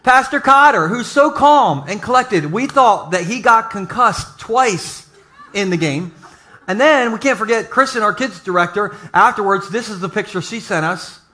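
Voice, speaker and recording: High, bright-voiced joking pastor. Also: male voice, lively intonation, normal speed. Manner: jokey storytelling with asides to the audience. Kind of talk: humorous sermon. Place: church service before a live congregation.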